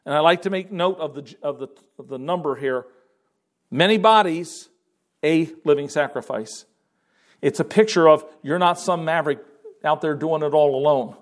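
An older man preaching a sermon, animated, swinging between loud emphasis and quiet asides. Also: on the high side, moderate pace. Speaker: pastor.

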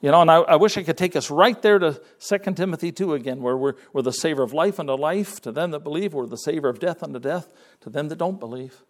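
A preacher with a higher voice, folksy and repetitive. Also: male voice, quick pace. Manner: folksy, repeats words, quotes scripture in King James wording. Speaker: pastor. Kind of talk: sermon.

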